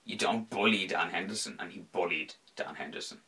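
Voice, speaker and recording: A man's voice: deep voice, a little fast, poor audio. A man hosting a podcast in casual sports chat, rambling and swearing freely. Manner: animated, slips into impressions. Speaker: podcast host.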